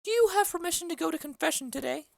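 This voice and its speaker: Woman doing a very high, grumbling old nurse. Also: lively intonation, racing, gravelly, no echo, heavily acted. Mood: bossy. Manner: grumbling about aches, bossy and teasing. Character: fussy old female nurse, teasing and complaining. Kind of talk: amateur play reading.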